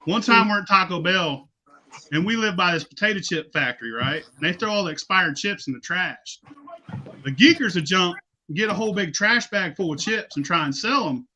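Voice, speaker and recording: A man, hosting a podcast and telling loud, profane stories with lots of laughing. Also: high-pitched, lively intonation, moderate pace, a little hiss or hum. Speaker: podcast host. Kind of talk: casual storytelling.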